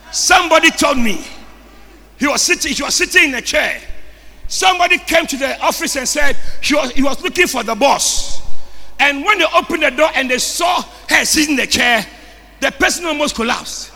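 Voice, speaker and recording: A Ghanaian man preaching a sermon in a shouting, call-and-response style. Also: very high-pitched, lively intonation, normal speed, gravelly, long reverb tail. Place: church service. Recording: preaching over loud music.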